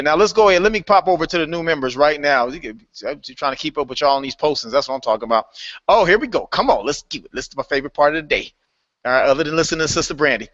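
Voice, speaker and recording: A man hosting a live online call, welcoming new members in a lively, playful way and laughing often. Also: fairly high pitch, no room sound. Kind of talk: casual live call-in chat. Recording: dull lo-fi online call audio.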